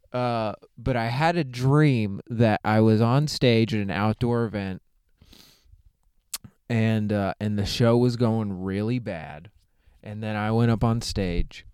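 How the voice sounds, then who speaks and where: A young man rambles through a profane solo comedy podcast from the driver's seat of a parked car, laughing at his own jokes as he goes. His voice is smooth and clear. The sound is dry and close, with no room around it. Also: lowish voice, a little mellow, no echo.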